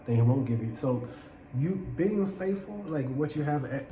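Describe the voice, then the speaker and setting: A man's voice: on the high side, animated, normal speed, dark tone. A man who works in finance, a podcast guest talking enthusiastically, rambling with restarts, in casual chat. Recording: echoey room with crowd noise.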